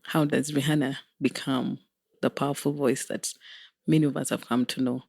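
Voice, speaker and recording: Gravelly woman interviewer, friendly. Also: rumbling low, steady tone, normal speed, darkish tone, dry recording, clean studio sound.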